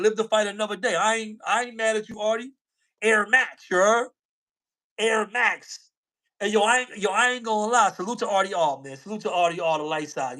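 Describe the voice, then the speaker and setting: A man's voice: sits high, a bit bright. A man co-hosting a casual livestream chat, slangy, repeating himself and laughing often. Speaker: co-host.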